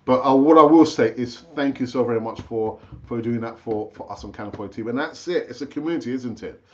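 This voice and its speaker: A man hosting a casual live-stream football chat, chatty and animated, rambling with fillers and restarts, his pitch jumping up when he gets excited. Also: fast talker, highs cut off. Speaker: football channel host.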